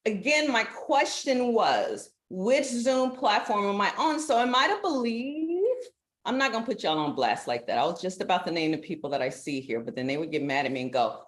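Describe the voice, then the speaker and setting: Lady live streaming from her aunts house, rambly and laughy, mid pitch, bit of room echo. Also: sing-song, normal speed. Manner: chatty, laughing, easily sidetracked. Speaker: livestream host. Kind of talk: casual live stream chat. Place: relative's house.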